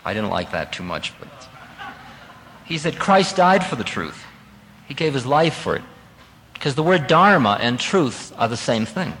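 Animated man telling a spiritual story. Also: mid-range voice, measured pace, pauses often, in a large hall, a little hiss or hum, rough recording. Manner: animated, conversational, laughs at himself. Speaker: spiritual teacher.

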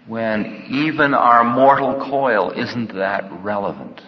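A man giving an unhurried, reflective spiritual talk, with playful acted-out bits of dialogue, in a lo-fi recording. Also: mid-range voice, expressive, a little hiss or hum. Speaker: spiritual teacher. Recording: lo-fi recording in an echoey hall.

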